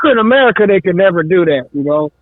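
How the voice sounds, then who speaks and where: A man's voice: high-pitched, expressive, fairly quick, dry recording. A man co-hosting a podcast, talking casually in short, blunt, slangy remarks. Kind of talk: casual chat. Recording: tinny phone-line sound.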